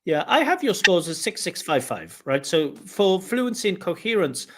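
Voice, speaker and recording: A man's voice: sits high, moderate pace. A man working as a speaking test examiner, giving a candidate direct, explanatory feedback on his scores. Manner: direct, explanatory, mimics flat intonation with "duh duh". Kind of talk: giving spoken exam feedback.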